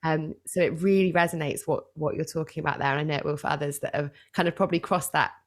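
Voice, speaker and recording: A young woman hosts a conversational podcast. Her voice sits a little low and she speaks reflectively, affirming her guest before steering on. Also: steady tone, fast talker. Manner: reflective, affirming, prompts questions. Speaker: podcast host. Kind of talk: conversational interview.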